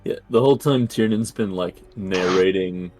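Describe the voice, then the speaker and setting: A man's voice: low voice, moderate pace, darkish tone, faint music behind. A man playing a tabletop game who speaks in a thoughtful, slightly hesitant way. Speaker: player. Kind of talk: casual tabletop play.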